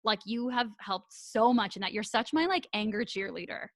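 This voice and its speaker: A woman hosting a podcast in casual chat, animated and laughing often, swearing freely. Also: medium pitch, normal speed, dry recording, clean studio sound. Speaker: podcast host.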